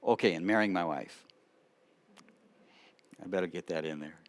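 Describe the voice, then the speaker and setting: Middle aged guy preaching, tells stories, gets loud then goes real quiet. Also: low voice, normal speed. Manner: animated storyteller, drops to quiet asides. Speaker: rabbi preaching at church. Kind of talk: sermon storytelling.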